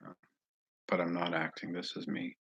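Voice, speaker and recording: A low-voiced man with a Northeast US accent and a husky edge. He chats casually with his viewers, rambling and pausing, and his asides trail off into quiet murmurs. The sound is dry and close, with no room echo. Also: completely flat delivery. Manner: rambling, slow, with frequent pauses and fillers that trail off into quiet asides. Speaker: channel host answering viewers. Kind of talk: casual live chat.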